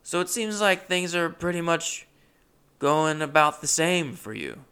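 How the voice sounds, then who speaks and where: A man's voice: on the high side, unhurried, smooth, pitched above the performer's own voice, exaggerated voice. Man doing a blunt 81-year-old man. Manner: flat, matter-of-fact, bluntly dismissive.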